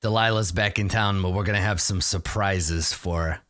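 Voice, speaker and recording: A man growling as a halfling mob boss, low and smug. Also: steady tone, moderate pace, fairly bright tone. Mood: smug menace. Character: gravelly older male halfling mob boss, cigar-chomping bruiser.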